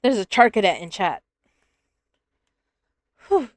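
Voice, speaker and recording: A woman's voice: mid-range voice, very animated, takes it slowly, no room sound. A woman in her twenties streaming and chatting casually, giggly and full of restarts, her throat dry and scratchy. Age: 20s. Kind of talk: casual live-stream chat.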